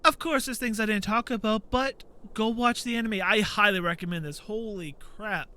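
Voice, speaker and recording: A man hosting a gaming channel, chatting casually while he plays and acting out quotes in a high voice. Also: moderate pace, sharp tone, smooth. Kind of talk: casual commentary while playing.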